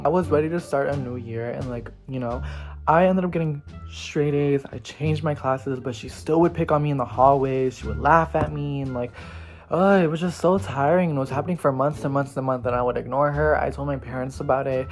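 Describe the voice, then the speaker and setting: Fairly quick, his mid-range voice keeps a fairly even intonation as the vlogger recounts a casual story, leaning on "like" and acting out what people said. There's faint music behind him.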